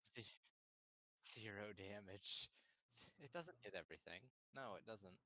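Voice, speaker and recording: A man chatting while gaming, excitable and swearing freely. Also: on the low side, a little slow, dry recording, low-quality recording. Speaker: player. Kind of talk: casual gaming chat.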